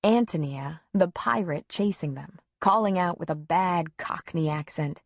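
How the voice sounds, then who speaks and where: Gravelly woman reading an audiobook. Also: fairly low pitch, no echo, clean studio sound. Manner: measured, even storytelling. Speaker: audiobook narrator. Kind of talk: scripted narration.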